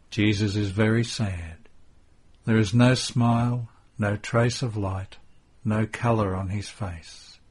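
A man narrating a devotional text in a measured, hushed storytelling manner. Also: fairly low pitch, slightly rough.

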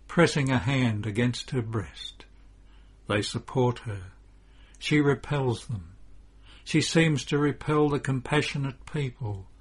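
A man's voice: mid-range voice, slightly rough. A man reading a devotional religious narrative aloud in an earnest, impassioned way. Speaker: reader. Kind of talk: dramatic scripture reading.

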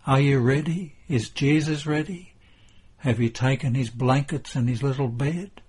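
A man reading the part of Joseph, an anxious husband speaking low and urgently to his wife. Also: unhurried, darkish tone, slightly rough. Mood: hurried.

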